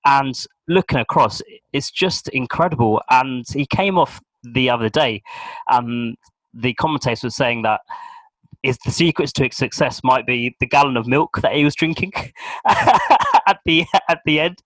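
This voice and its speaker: A man's voice: medium pitch, a bit bright, no echo, low-quality recording. Chatty man, dry close sound. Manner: chatty, agreeable, quick to laugh. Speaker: podcast co-host. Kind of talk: casual football chat.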